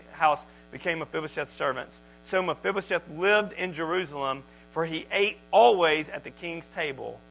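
A man preaching to his church, his voice bright and a touch higher than most men's. He talks conversationally, then swells loud and emphatic when reading scripture, with a faint mains hum under the recording. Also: rough recording. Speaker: pastor. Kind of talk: sermon.

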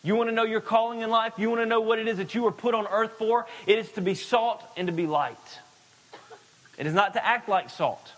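A man's voice: high voice, a little fast, a bit bright. A man preaching a sermon with an emphatic, repetitive cadence, often restarting his words. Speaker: pastor.

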